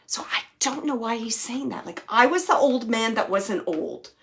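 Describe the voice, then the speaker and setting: A woman hosting a live spirit-reading chat as a medium, chatty, often laughing, relaying quoted messages in a lively way and dropping to soft murmurs as she searches. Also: on the high side, moderate pace, vocal fry. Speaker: psychic medium host.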